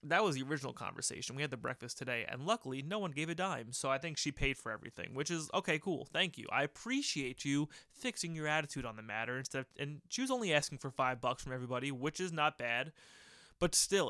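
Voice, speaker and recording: The recording is dry and studio quality as a podcast host of thirty recounts something from work in casual conversation. His voice is medium-pitched, bright, and forceful, and his telling wanders, turns profane, and doubles back to self-correct.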